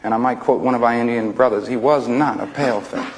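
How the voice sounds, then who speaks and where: An actor playing a composed young minister who argues in a measured, preaching cadence. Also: male voice, mid-range voice, a crowd in the background, lightly acted. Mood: calmly defiant. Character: composed young male minister debating a prison chaplain.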